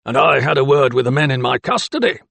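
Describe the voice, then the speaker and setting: A man's voice: mid-range voice, expressive, fast, gravelly, dry recording, exaggerated voice. A man voicing a broad, mean prison keeper who barks his words bluntly. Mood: gruff. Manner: barking, forceful delivery. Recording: dry close studio sound.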